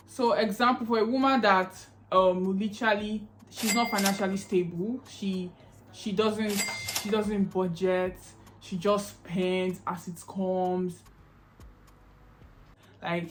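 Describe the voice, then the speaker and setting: A young woman talking casually to camera in an advice vlog, chatty and emphatic, often repeating herself. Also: mid-range voice. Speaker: YouTube vlogger.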